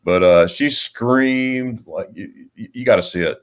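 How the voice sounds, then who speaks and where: A man with a fairly low voice hosts a relaxed livestream chat. He rambles through stories, stopping and restarting with plenty of fillers. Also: measured pace. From United States. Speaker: livestream host.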